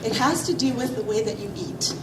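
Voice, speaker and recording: A female physical trainer with a fairly high, lively voice speaks fairly quickly and a little breathlessly, teaching kids and families about healthy eating. Her upbeat, coaxing talk is full of questions, recorded far from the mic in a large hall with roomy echo and loud audience noise.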